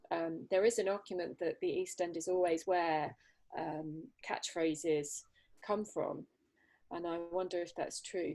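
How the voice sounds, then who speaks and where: A woman's voice: fairly low pitch, a little mellow. A woman hosting a webinar panel, musing and asking thoughtful follow-up questions. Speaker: host, CEO. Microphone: video call.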